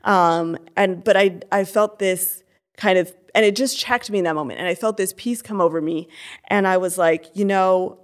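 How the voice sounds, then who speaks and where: Young woman, earnest and candid, mid-pitch conversational testimony. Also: normal speed. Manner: earnest, candid, many fillers and restarts. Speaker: interview guest.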